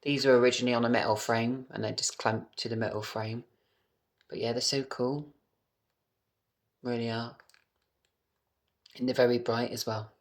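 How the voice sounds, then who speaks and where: A camp British man chats into his phone camera from home in a loose, unscripted vlog. He is animated and talkative, and drops swear words freely. His pitch sits in the middle of the male range. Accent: British English. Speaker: vlogger. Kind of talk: casual vlog chat to camera.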